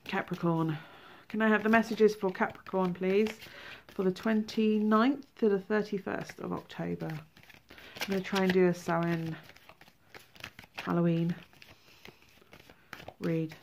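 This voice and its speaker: A woman giving a tarot reading, animated, exclaiming and acting out feelings. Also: medium pitch, measured pace, creaky, slight background noise. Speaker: tarot reader.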